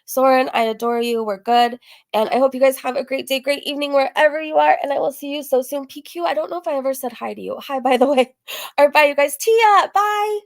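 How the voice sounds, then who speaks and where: A woman with a gravelly, hoarse-sounding voice, chatting casually on a livestream as she reads and answers viewer comments, rambling with lots of fillers. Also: high-pitched, a little fast. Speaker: livestream host. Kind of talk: casual live-stream chat reading comments.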